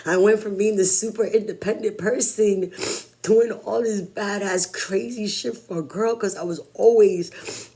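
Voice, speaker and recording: Blunt, husky-voiced woman in her forties. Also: medium pitch, mellow. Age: 40s. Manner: blunt, candid, swears freely. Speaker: vlogger. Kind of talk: personal vlog monologue.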